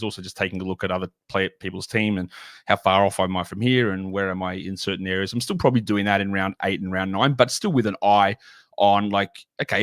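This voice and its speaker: A man's voice: lowish voice, fairly bright tone, clear, resonant tone, no room sound, clean studio sound. A man, a fantasy basketball analyst on a casual podcast, talking through his ideas in loose, rambling sentences full of restarts and "like". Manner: rambling, self-correcting, lots of "like".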